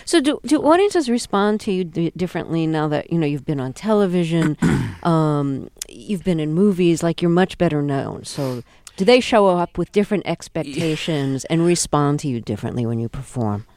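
Low-voiced woman radio host. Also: lively intonation, normal speed, darkish tone, dry recording, clean studio sound. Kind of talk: radio interview. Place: radio studio.

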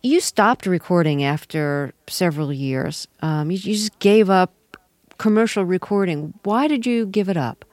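A woman hosts a radio interview program and asks her guest clear, measured questions. Her voice is very low for a woman. The studio mic sounds close and dry. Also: expressive, a little mellow, dry recording. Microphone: studio microphone.

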